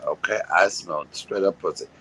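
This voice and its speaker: A man's voice: sits low, normal speed, sharp tone, husky, poor audio. A man, ranting to his viewers in a profane, confrontational and mocking way. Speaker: live-streaming commentator. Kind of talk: casual rant to viewers.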